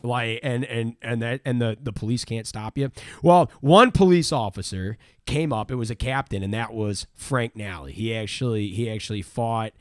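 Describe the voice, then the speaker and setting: A man telling a true-crime story in a casual chat, rambling and repeating words as he goes. He swears freely, and his pitch sits in a middle register. The recording is dry and close. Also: normal speed, hardly any pauses, no echo. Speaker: podcast host, storyteller.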